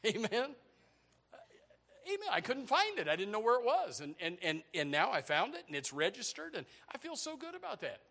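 An older man delivers a sermon. His voice sits high and bright, and it swings widely as he jokes and shouts. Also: moderate pace. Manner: animated preaching with humor and shouts. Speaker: pastor.

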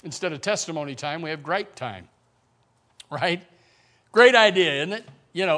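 High, lively preaching man. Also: moderate pace. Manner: animated preaching, acts out grumbling voices, rising to shouts. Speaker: pastor. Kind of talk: sermon. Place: church sanctuary.

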